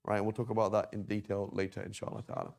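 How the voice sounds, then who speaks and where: A man with a fairly low voice teaches a classroom grammar lesson. He explains patiently and keeps checking in with his students as he writes at the board. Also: level tone, fast, gravelly, darkish tone. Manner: explains patiently, repeats and checks with "right?" and "okay?". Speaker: Arabic teacher. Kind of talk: classroom lesson on verb conjugation.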